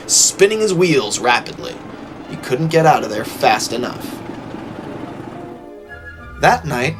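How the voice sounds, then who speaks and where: A man narrating a story in a lively, expressive reading style. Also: medium pitch.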